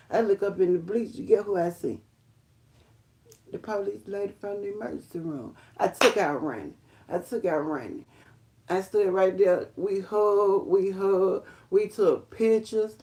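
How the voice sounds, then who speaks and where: A woman telling her life testimony on a live stream, rambling and emphatic, talking straight to viewers as y'all and breaking into high excited exclamations. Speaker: livestream host sharing her testimony.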